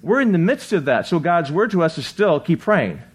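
Pastor type, male, slightly higher-pitched voice, casual sermon delivery with rhetorical questions and scripture readings. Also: very animated, moderate pace, breathy edge. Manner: conversational, often asks "right?"; reads scripture aloud, acts out quotes.

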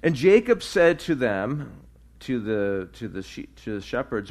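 A man's voice: mid-range voice, very animated, measured pace. Chatty man preaching through scripture. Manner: conversational, frequent fillers and restarts, asks "right?". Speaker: pastor. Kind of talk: sermon teaching through scripture.

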